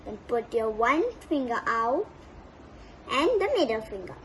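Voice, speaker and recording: A woman with an Indian English accent teaches small children, her voice very high and sing-song. She speaks slowly and cheerfully, counting aloud over a faint background hum. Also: big pitch swings. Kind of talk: online class instruction for young children.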